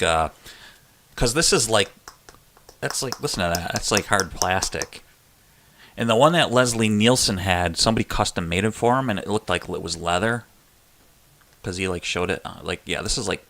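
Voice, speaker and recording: A man's voice: deep voice, a bit bright. A man hosting a casual live chat stream, joking and laughing with viewers as he reads their messages. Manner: chatty and joking, laughs often.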